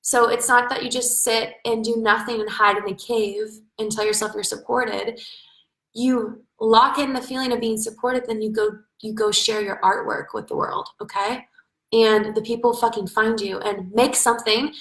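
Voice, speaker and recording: A woman's voice: fairly high pitch, fairly even intonation, normal speed, fairly bright tone, roomy sound, rough recording. A woman business coach hosting a live stream Q&A, effusive and spiritual, swearing casually as she encourages viewers.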